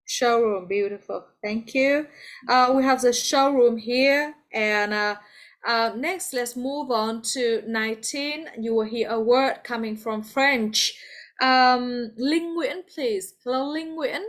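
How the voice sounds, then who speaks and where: Woman, Vietnamese accent, English teacher, video call, slow, patient, encouraging. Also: a little high, fairly bright tone. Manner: patient, encouraging, calls on students by name. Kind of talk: online class teaching.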